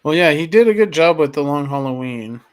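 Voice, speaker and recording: A man's voice: a little high, expressive, a little fast, smooth. A man chatting casually as a panelist, agreeable and full of short affirmations. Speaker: podcast panelist. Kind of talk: casual chat.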